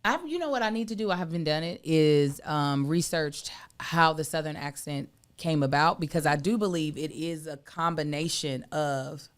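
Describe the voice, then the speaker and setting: A woman co-hosting a podcast in casual chat, blunt and animated as she calls things out. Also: low voice, moderate pace, hardly any pauses. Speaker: podcast co-host.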